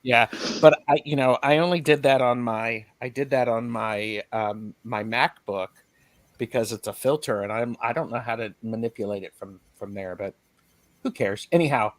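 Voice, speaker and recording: A man's voice: medium pitch, moderate pace, no echo. Male co-host, casual live-stream chatter, rambling with restarts; dry close mic.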